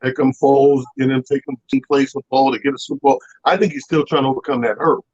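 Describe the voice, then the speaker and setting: A man co-hosting a casual sports talk show, giving relaxed, folksy takes with little stories. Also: medium pitch, fast talker, dry recording. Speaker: co-host. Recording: dull, dry sound.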